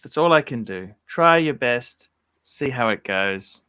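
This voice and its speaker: A man hosting a casual livestream, thanking viewers by reading their names out one after another at an unhurried pace. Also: mid-range voice, animated, sharp tone, clean tone, dry recording. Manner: unhurried, reads out viewer names in a long list. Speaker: livestream host.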